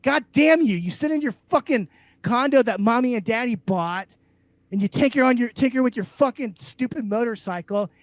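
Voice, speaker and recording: A man co-hosting a comedy podcast, ranting loudly and sarcastically with heavy profanity. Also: very high voice, animated, moderate pace, no echo. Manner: loud, abrasive, sarcastic. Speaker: podcast co-host.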